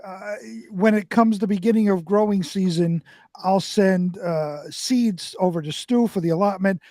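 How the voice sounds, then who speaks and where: Male co-host, high voice, dry close sound, rambling profane chat. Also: measured pace, a little mellow, no room sound. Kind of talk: casual banter.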